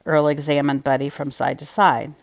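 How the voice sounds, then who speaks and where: Low-voiced woman reading a children's story. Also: flat delivery, moderate pace, vocal fry. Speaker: storybook reader. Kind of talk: reading a children's picture book aloud.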